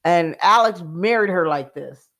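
A woman, co-hosting a casual chat and telling stories in an animated way, with fillers and laughs. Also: fairly low pitch, a little slow. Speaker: co-host.

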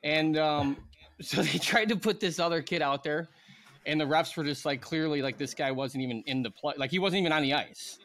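A man's voice: fairly high pitch, moderate pace, a bit bright. A man in his thirties, a former pro hockey player, casually telling a rambling story on a podcast with lots of fillers and laughter.

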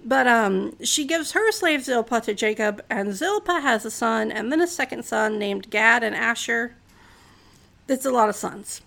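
A woman's voice: fairly high pitch, expressive, unhurried, creaky, bright, forceful tone. A woman casually retelling a Bible story in her own words, chatty, with fillers and wry asides.

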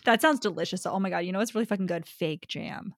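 A woman chatting through a book recap, blunt and loose, dropping swear words between fillers. Her pitch is mid-range and the sound is close and dry, with no room around it. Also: fast talker, dry recording. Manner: loose and candid, swears casually, filler-heavy. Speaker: podcast co-host. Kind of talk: casual book chat.

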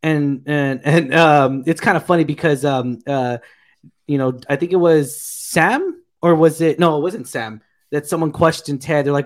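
A man with a slightly raised pitch, talking loosely and eagerly through an episode recap. He rambles, fills gaps with "um" and "you know", and piles on his praise. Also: measured pace. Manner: rambling, filler-heavy, enthusiastic retelling. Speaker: podcast co-host reviewing a TV episode. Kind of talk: casual review chat.

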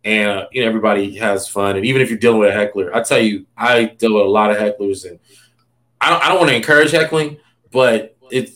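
A man's voice: lowish voice, fast talker. A man, a stand-up comedian, telling stories in a loose, casual interview chat, full of fillers and asides. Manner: loose, filler-heavy, animated anecdotes.

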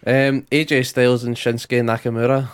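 Scottish man, podcast co-host, casual sweary chat, relaxed delivery, mid-range voice. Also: medium pitch, moderate pace, clear, resonant tone. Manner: laid-back, swears a lot, laughs along.

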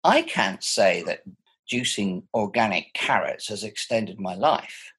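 Husky man in his sixties, lively tone. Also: fairly low pitch, a little slow. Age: 60s. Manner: thoughtful, animated, chuckling often. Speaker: interviewee. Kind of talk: reflective personal conversation. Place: at home.

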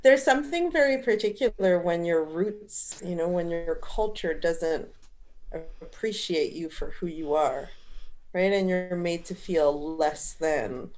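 A woman's voice: on the low side, unhurried, a little mellow. A woman co-hosting a casual book discussion, speaking in a thoughtful, earnest way. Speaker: podcast co-host.

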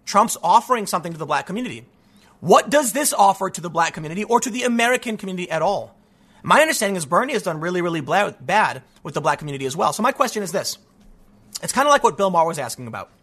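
Commentator: bright, high-pitched man with a lively, swooping delivery, sarcastic and a little congested. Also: quick pace, slightly rough. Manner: animated and sarcastic, with frequent mocking voices. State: stuffy from allergies. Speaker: political commentator. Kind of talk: casual opinion monologue.

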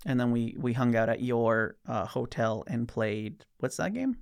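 A man's voice: mid-range voice, expressive, a little slow, vocal fry, smooth, no echo. Young man prompting in casual chat.

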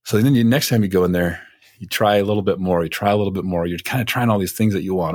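A man's voice: deep voice, quick pace, slightly rough, no room sound, clean studio sound. A man spinning a long rambling story in casual chat, full of fillers.

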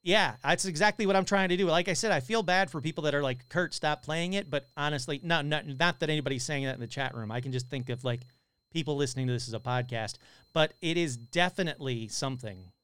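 Excitable man hosting a podcast. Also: on the high side, fast talker, smooth, dry recording. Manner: excitable, casual, swears a lot. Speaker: paranormal podcast host. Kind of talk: live podcast chat reading viewer comments.

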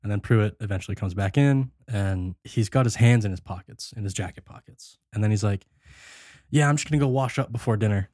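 A man hosting a casual podcast, retelling a film scene by scene and acting out the characters' lines in quick bursts. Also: lowish voice, dark tone, no room sound, studio quality. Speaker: podcast host recapping a film. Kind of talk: casual chat.

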